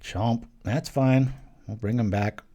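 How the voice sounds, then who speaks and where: A young man hosting his channel, giving casual live commentary on a card game he is playing, thinking aloud with quick jokes and small exclamations. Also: mid-range voice, steady tone, mellow.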